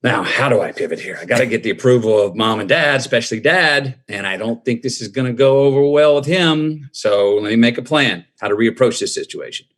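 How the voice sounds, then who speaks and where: A middle-aged man, a guest in an interview, telling his story in a reflective, drawn-out way. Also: medium pitch, a bit bright.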